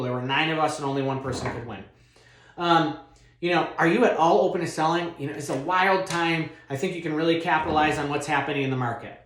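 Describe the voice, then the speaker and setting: A man's voice: fairly high pitch, reverberant. A man, a real estate broker, teaching cold calling in a confident, casual way and acting out phone scripts. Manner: energetic, confident, casual with many fillers. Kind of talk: instructional talk with acted phone scripts.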